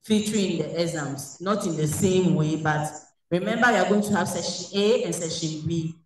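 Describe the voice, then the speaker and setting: This online French lecture comes from a woman with a lowish voice at normal speed, who answers the questions she puts to her students. The video call audio carries slight background noise and room echo, and she's distant from the microphone.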